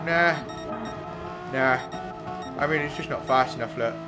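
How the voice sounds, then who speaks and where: A man's voice: medium pitch, measured pace, loud music behind the voice. A man streaming sim racing, blunt and sweary as he talks through race replays and chats with his viewers. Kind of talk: live commentary on race replays.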